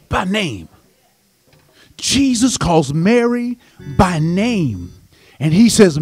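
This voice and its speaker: High, animated preaching man. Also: slow pace, pauses often, soft background music. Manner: impassioned, emphatic preaching that swells to shouts. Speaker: pastor. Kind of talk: sermon. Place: church sanctuary.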